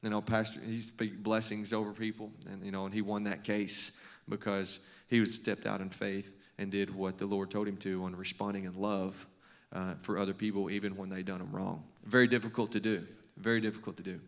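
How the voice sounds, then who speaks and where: A basketball coach and teacher in middle age is giving a devotional talk to a group of men. His voice is lowish and flat, and he talks a little fast. The talk is conversational and folksy, full of stammers and restarts, and he pokes fun at himself.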